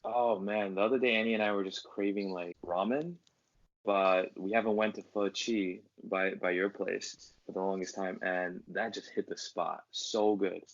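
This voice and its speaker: A man on a podcast, chatting casually and quickly with his co-hosts. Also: sits low, fairly even intonation, no room sound. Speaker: podcast co-host. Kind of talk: casual chat. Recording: dull audio with faint noise.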